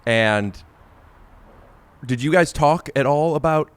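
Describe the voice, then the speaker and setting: Halting, hesitant podcast host man. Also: fairly high pitch, smooth, no echo. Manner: halting, searching for words with many restarts. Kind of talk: casual podcast interview.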